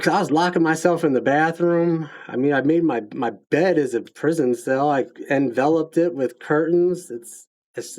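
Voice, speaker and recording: A man's voice: medium pitch, darkish tone. A man hosting a casual conversation, talking in a reflective and earnest way. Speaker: podcast host. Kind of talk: casual chat.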